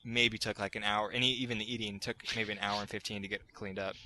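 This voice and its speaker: A man's voice: lowish voice, little pitch movement, quick pace, bright, forceful tone. A man hosting a casual gaming podcast, rambling a little and often restarting his sentences. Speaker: podcast host.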